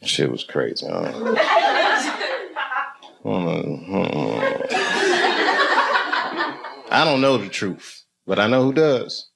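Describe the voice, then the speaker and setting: A male comedian doing a live stand-up set, swearing freely and darting into high mock voices as he riffs with the audience. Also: sing-song, takes it slowly, gravelly, pauses often. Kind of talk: live stand-up routine with crowd work. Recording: loud audience noise behind.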